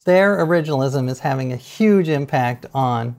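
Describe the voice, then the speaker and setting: Middle-aged male guest, animated anecdote teller with an average-pitched voice. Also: moderate pace. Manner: animated storyteller, laughs often, acts out quotes. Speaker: guest author. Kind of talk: casual podcast interview.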